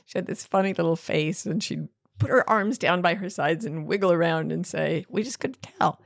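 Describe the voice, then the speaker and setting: A woman's voice: on the low side, normal speed, vocal fry, dry recording. Wry woman author, dry humor. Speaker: author and podcast co-host. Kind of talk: casual chat.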